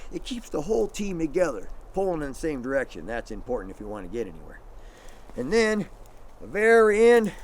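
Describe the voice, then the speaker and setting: A middle-aged man giving an outdoor dog sledding demonstration for kids, telling stories and acting out the shouted commands. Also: fairly high pitch, slight background noise. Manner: animated storyteller, acts out shouted commands.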